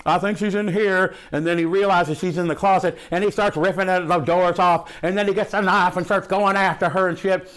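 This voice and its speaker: A man's voice: high-pitched, steady tone, brisk, hardly any pauses, fairly bright tone, smooth. A man doing a brash, foul-mouthed movie buff. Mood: excited. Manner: profane, loose and rambling, drops "ain't". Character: brash foul-mouthed man gushing about horror films. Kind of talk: comic character monologue.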